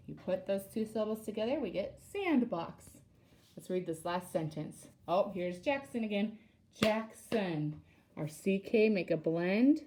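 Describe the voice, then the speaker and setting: A woman's voice: mid-range voice, mellow, a little hiss or hum. A woman teacher leading a reading lesson for young children, sounding out words syllable by syllable.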